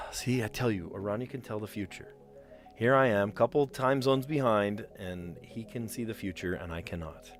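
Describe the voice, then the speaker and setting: A man with a somewhat low voice and a light New Jersey accent hosts a casual live stream as he works through word puzzles. He rambles in a chatty, easygoing way and laughs often, with faint music in the background. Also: moderate pace.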